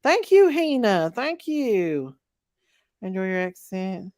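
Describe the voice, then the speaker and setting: A woman's voice: mid-range voice, big pitch swings, slow pace, darkish tone, no room sound, studio quality. A woman with a Southern US accent hosting a casual livestream chat and reading out viewer comments. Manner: chatty, drawling, reads viewer comments aloud. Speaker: livestream host.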